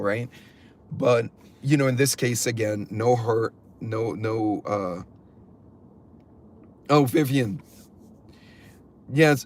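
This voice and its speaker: A middle-aged man hosting a preparedness channel, chatting casually on a livestream and answering viewers' comments as he rambles and swears freely. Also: mid-range voice. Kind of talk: casual livestream talk, reading chat aloud.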